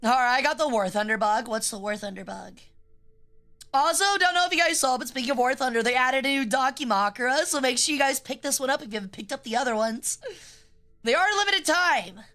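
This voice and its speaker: Young woman streamer, rambling jokey chat, crisp tense tone, faint music under her. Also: high-pitched, animated, brisk, fairly bright tone. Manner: rambling, joking, swears freely.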